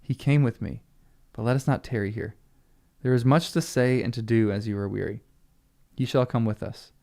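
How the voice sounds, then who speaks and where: A man voicing a grave, commanding old wizard in a read-aloud of a fantasy book, in a measured, solemn manner. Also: medium pitch, creaky, warm tone, natural voice.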